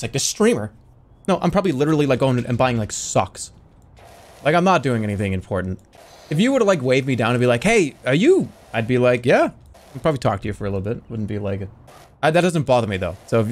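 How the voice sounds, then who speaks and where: A man in his thirties streaming a game, chatting casually and telling animated stories with lots of restarts. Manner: animated storytelling, acts out voices with big pitch jumps; rambling with frequent restarts. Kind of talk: casual chat while gaming.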